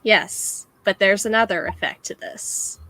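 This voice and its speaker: Slow-talking woman game master. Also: mid-range voice, sharp tone, low-quality recording. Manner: slow, hesitant, many fillers. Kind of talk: running a tabletop game.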